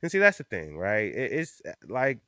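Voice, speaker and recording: A man hosting a podcast in casual chat, ranting in an animated, profane way. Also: fairly low pitch, normal speed, no room sound, studio quality. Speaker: podcast host.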